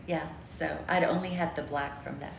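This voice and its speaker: A woman co-hosting a livestream, chatting in a relaxed, teasing, dry way. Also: low voice, moderate pace, vocal fry, roomy sound, slight background noise. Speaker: co-host of a livestream. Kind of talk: casual chat. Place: home.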